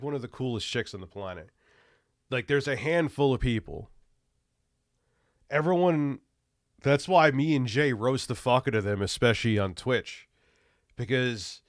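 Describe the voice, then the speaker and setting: A man's voice: medium pitch, dry recording, studio quality. A man with a stuffy nose from a cold, ranting loosely and profanely while livestreaming. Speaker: streamer. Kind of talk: casual livestream rant.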